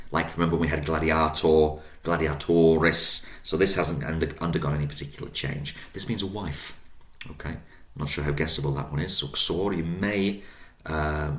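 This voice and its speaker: A man's voice: extremely low pitch, fairly bright tone. A man teaching a language lesson online, patiently spelling out word endings and drawing out each new word. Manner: patient, spells out endings, drawn-out vocabulary words. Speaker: Latin teacher. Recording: roomy echo.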